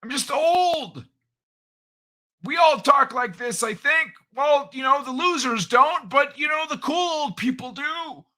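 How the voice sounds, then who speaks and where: A man voicing a loud, cranky old man character on a live stream, grumbling and complaining. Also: very high-pitched, unhurried, voice pushed up, full character voice. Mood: rambling.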